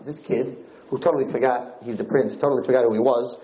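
A man lecturing on Torah, telling a parable in an animated, repetitive storytelling manner. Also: mid-range voice, fast, reverberant, low-quality recording. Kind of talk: sermon storytelling.

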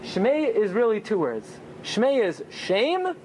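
A man teaching a Torah class as a rabbi, often asking rhetorical questions and answering them himself, with pitch that swings high and low for emphasis. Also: wildly swooping pitch, slow, a little mellow, slight background noise. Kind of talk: Torah class with Talmud study.

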